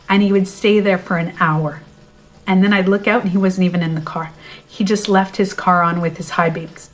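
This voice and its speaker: A woman coach telling a personal story on a livestream, animated and chatty, blunt and now and then profane, into a phone mic. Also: mid-range voice. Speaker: beauty and life coach.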